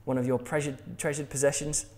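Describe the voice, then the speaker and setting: A man's voice: medium pitch, flat delivery, a little fast, darkish tone. An English man preaching a sermon in a jokey, conversational way, laughing at his own jokes. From England.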